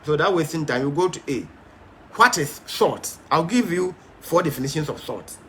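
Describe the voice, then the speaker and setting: A man's voice: fairly high pitch, lively intonation, moderate pace, a bit bright, slight background noise. A man teaching a Bible study in an emphatic, stern, repetitive way, with frequent fillers.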